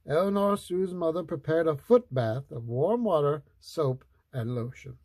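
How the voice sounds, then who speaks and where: Storyteller: a man, playful read-aloud, slow, dry close mic. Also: on the high side, animated, a little mellow, no echo. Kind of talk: reading a picture book aloud.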